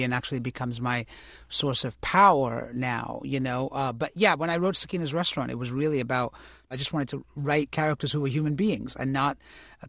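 A man being interviewed about his acting career, talking reflectively and correcting himself as he goes, turning lively when he tells stories. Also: mid-range voice, gravelly, no echo, studio quality. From United States, immigrant family. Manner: thoughtful, self-correcting, animated when recounting stories. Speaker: interview guest, actor and author.

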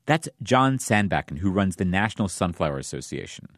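A man's voice: low voice, big pitch swings, fairly quick, no echo, studio quality. A male reporter narrating a scripted radio news story.

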